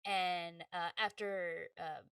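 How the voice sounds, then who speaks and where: Animated woman telling stories, slightly distant. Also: fairly low pitch, slow pace, clear, resonant tone, no room sound. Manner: animated, acts out quoted voices, laughs often. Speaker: voice actress guest. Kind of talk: casual interview storytelling.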